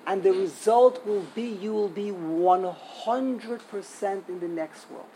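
A man's voice: high voice, takes it slowly, dark tone, slight background noise, poor audio. An older man giving an informal Torah class, emphatic and indignant, repeating himself for stress. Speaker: Torah teacher.

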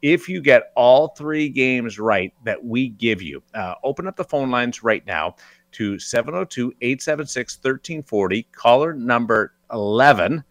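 A man's voice: medium pitch, animated, measured pace, no echo. A man hosting a sports radio show, bantering in an easygoing, joking way.

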